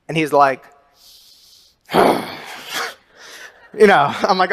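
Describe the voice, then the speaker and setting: Animated young man telling a story. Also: a little high, extremely slow, long pauses. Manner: animated storyteller, acts out his own shouts. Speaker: author and speaker. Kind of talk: storytelling talk to an audience.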